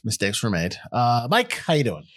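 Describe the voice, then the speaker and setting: A man's voice: mid-range voice, wildly swooping pitch, moderate pace, dry recording, studio quality. An American man hosting a podcast in casual chat, rambling and correcting himself as he reads out figures. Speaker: podcast host.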